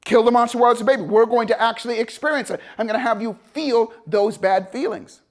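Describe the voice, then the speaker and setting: Guy w a high voice giving a motivational talk, tells a story and acts out the people in it. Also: fast. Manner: animated, acts out quoted people. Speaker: motivational speaker.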